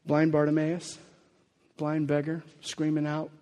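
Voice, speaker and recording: Animated man preaching in an echoing hall. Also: fairly high pitch, unhurried. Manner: animated, acts out quoted voices. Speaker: pastor. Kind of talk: sermon. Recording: long reverb of a hall.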